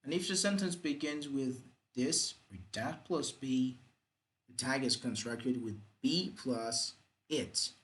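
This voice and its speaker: A man's voice: mid-range voice, slow, a bit bright, poor audio. A man teaching English grammar, repeating example sentences with exaggerated rising and falling intonation. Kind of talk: grammar lesson.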